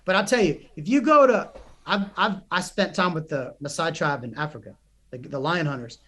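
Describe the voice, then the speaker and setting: Man, young adult, psychotherapist guest, fairly high-pitched, earnest, animated storytelling. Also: moderate pace. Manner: animated, earnest, many restarts. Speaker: psychotherapist and coach. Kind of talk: podcast interview storytelling.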